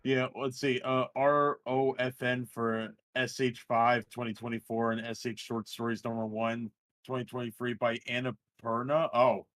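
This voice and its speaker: A man hosting a gaming channel, chatting excitedly and swearing casually during a live reaction stream. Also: medium pitch, normal speed. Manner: excitable, profane, reads news aloud.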